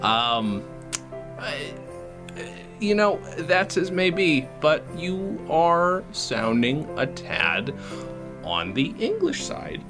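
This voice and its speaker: An actor playing an awkward, patient man confronting his friend, talking in a hesitant, halting, polite way in a comedy sketch. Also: a little high, wildly swooping pitch, over music, full character voice.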